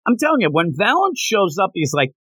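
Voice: medium pitch, big pitch swings, a little fast, a bit bright, dry recording. A podcast co-host in casual chat, animatedly retelling comic panels and joking about them.

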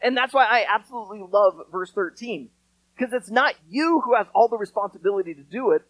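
A man preaching a sermon in a casual, conversational way, acting out quotes with lively storytelling. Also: high voice, brisk, no room sound, poor audio. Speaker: pastor.

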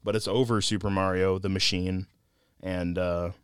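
A man with a low, smooth, clear voice, recorded dry and close. He co-hosts a casual film review chat, sounding animated, laughing often and acting out the lines he quotes. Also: moderate pace, dry recording. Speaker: podcast co-host, film reviewer.

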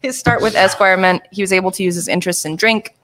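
A woman's voice: medium pitch, steady tone, quick pace, fairly bright tone, a little hiss or hum. A woman co-hosting a podcast, talking in a chatty, loose way with fillers. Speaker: podcast co-host. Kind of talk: casual chat.

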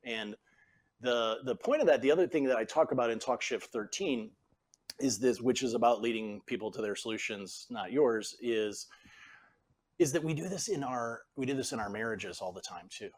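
Middle-aged male guest for an interview podcast, mid-pitched voice, animated as he acts out quotes. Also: normal speed. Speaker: guest, former CEO and author.

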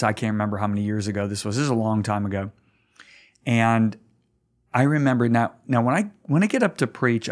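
Earnest middle-aged male pastor. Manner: earnest, emphatic, voice climbs high when stirred. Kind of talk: storytelling in a conversation.

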